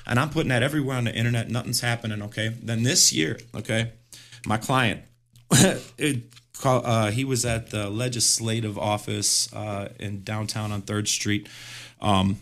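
A middle-aged man telling a story as a podcast guest in casual chat, animated and full of fillers, laughing often. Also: on the low side. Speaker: podcast guest, graffiti artist.

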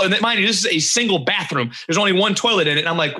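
A man's voice: sits high, fast talker. A man casually telling a backstage story on a talk show, acting out what others said. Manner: animated storyteller acting out quotes.

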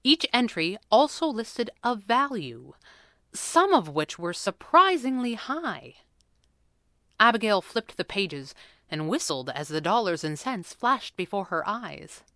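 A woman narrating a storybook in an even, measured way. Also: mid-range voice, no echo, clean studio sound. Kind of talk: storybook reading.

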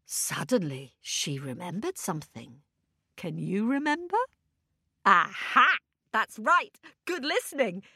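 Animated woman telling a children's story. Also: high-pitched, measured pace, dry recording, studio quality. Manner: animated, asks listeners questions, makes sound effects.

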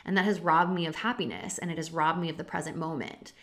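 Earnest low-voiced woman podcaster in her thirties. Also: quick pace. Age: 30s. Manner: earnest and confessional, with casual swearing. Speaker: podcast host. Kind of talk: reflective solo podcast talk.

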